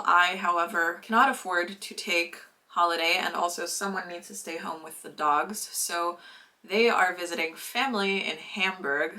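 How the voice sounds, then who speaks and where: A young woman vlogging in a casual, chatty way at her family home, sometimes talking while she eats. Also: fairly low pitch. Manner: chatty and relaxed, with filler words and small laughs; talks with her mouth full while eating. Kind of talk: casual vlog chat.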